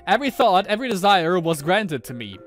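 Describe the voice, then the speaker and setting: A man's voice: sits high, big pitch swings, brisk, faint music behind. A man voicing a haughty young Roman emperor with grandiose, theatrical delivery, reading game lines aloud.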